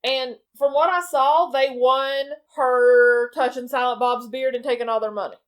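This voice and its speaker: A woman co-hosting a podcast, chatting casually as she retells a film in a lively way and laughs often. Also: high voice, moderate pace. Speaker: podcast co-host. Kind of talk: casual chat recapping a film.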